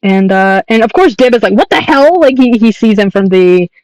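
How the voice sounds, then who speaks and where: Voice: mid-range voice, brisk, darkish tone, clear, resonant tone, no echo, poor audio. A young adult artist chatting casually on a livestream while drawing, rambling, laughing often and swearing.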